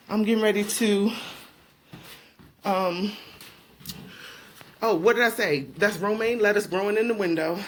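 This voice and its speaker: A woman's voice: medium pitch, background noise. A woman vlogging casually as she walks through her townhouse, talking straight to her viewers. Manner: talkative, addresses viewers directly. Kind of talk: casual chatty home vlog. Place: indoors at home in a townhouse.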